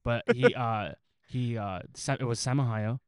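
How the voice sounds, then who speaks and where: A man's voice: medium pitch, fairly even intonation, moderate pace, smooth, dry recording. A man co-hosting a podcast in casual chat, talking in a profane, rambling, joking way into a close podcast mic. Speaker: podcast co-host.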